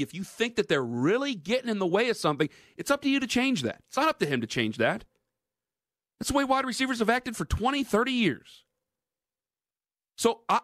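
Male sports talk host, animated teasing banter, bright tone. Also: high-pitched, no echo, studio quality.

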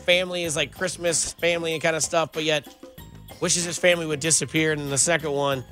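Bright-voiced, energetic sports radio host. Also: male voice, a little high, fast, faint music behind. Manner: energetic, joking, riffing. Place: radio studio.

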